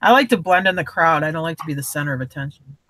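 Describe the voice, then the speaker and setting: A woman chatting on a live show, telling animated stories. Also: low-pitched, no echo. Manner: animated, quick storyteller. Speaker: reseller guest. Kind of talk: casual storytelling.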